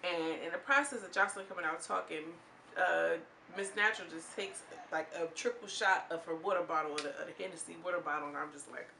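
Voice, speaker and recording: A woman casually recapping a reality show episode, animated and quoting the people in it. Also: on the low side, fast talker, gravelly. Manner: animated, retells scenes in quoted voices. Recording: echoey room, faint noise.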